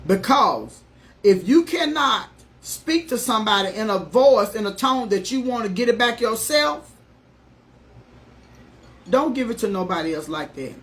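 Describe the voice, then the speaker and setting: A middle-aged woman life coach giving an earnest, emphatic, folksy motivational talk on a live stream. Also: on the high side.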